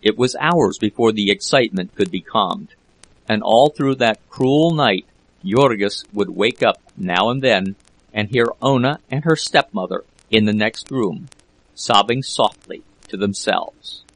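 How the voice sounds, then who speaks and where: A man narrating a classic novel as an audiobook reader, in a steady, measured way. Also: fairly low pitch, low-quality recording. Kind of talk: scripted narration.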